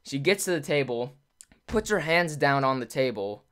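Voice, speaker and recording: A man's voice: medium pitch, lively intonation, normal speed, a bit bright. A young man casually telling a rambling story to his viewers, full of "like" fillers and acted-out quotes. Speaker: YouTuber.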